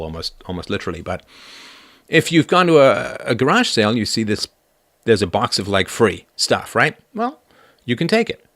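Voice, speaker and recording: A man hosting a livestream, talking through a moral argument in a casual, animated way. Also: lowish voice, dry recording. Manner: animated, argumentative, acts out quoted voices. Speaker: livestream host. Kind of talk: casual philosophical monologue.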